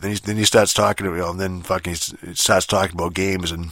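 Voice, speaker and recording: Deep-voiced man ranting on a podcast. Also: steady tone, fast talker, few pauses, a bit bright, dry recording, studio quality. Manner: rambling, heavy swearing, many fillers and restarts. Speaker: podcast host. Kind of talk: casual solo podcast rant.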